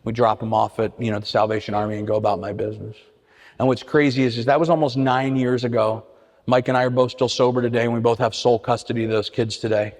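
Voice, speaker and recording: A man's voice: medium pitch, little pitch movement, fast, a little mellow. Middle-aged guy telling his recovery story, stumbles and repeats words, big echoey hall. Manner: earnest, many restarts and repeated words. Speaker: AA meeting speaker. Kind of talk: personal recovery talk. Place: church meeting hall. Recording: hall reverb.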